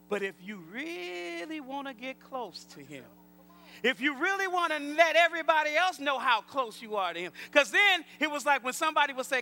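Pastor, male, very high bright gravelly voice, call-and-response preaching, faint hum behind. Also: lively intonation, moderate pace. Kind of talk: sermon.

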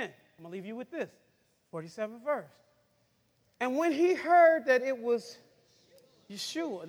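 A man preaching a sermon who shouts, cries out and then drops to a hush, heard in a church hall. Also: very high-pitched. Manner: shouting, cries out, swings from loud to hushed. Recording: long hall reverb.

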